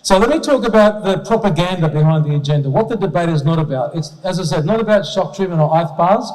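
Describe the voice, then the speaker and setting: A man's voice: sits high, expressive, fast, a little mellow. A man giving an emphatic, rhetorical public speech with slides to an audience at an event, often checking in with "okay?". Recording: long hall reverb.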